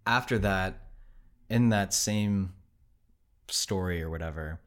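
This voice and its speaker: Speaking slowly in a low-pitched voice, a man from the United States rambles casually through a travel story on his podcast, using lots of fillers and starting over often.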